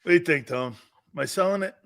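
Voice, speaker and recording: A man's voice: on the high side, fast talker, gravelly, a bit bright. A man hosting a sports talk show, brash and joking in casual banter. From Italian-American.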